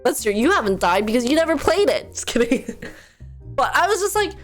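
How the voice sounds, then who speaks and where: A woman's voice: high voice, very animated, fairly quick, soft background music. A young woman streamer chatting casually with her viewers, ranting with animation, laughing often and mimicking other people.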